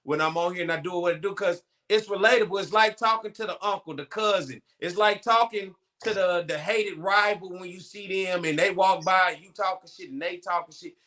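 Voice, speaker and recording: A man co-hosting a sports talk show, joking loudly and swearing freely. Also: sits high, fairly quick, hardly any pauses. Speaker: sports co-host and radio host.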